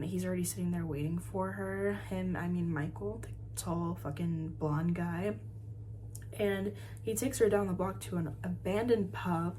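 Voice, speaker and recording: A woman with a lowish, warm voice talks through a story recap in a loose, chatty way. She swears freely and fills her sentences with "um" and "like", as if chatting to friends. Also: a little hiss or hum. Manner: chatty, swears often, many fillers. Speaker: podcast reviewer. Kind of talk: casual episode recap.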